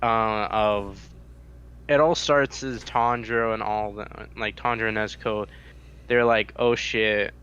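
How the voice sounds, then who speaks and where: A young man hosting a casual anime review, recapping plot in a relaxed, rambling way with swearing. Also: fairly low pitch, a little slow, lo-fi sound, slight background noise. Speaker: host.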